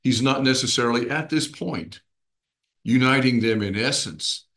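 A man's voice: medium pitch, animated, normal speed, fairly bright tone. A man teaching a small group Bible study, explaining patiently and often checking in with his listeners.

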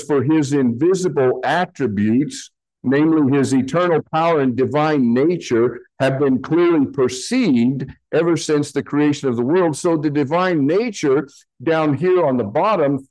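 A pastor teaching a sermon, slowly explaining Greek words from slides in a patient, deliberate way. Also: male voice, a little high, darkish tone, poor audio.

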